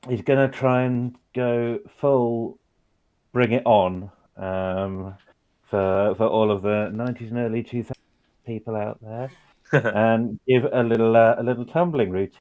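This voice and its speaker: A man playing a tabletop game who describes his character's moves and often clears his throat. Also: on the low side, fairly even intonation, a little slow, narrow, tinny audio. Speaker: player.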